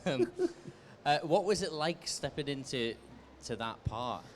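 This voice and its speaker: A man moderating a live convention panel, putting hesitant, halting questions full of fillers. His voice is mid-pitched, with a faint hiss in the background. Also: animated. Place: convention stage.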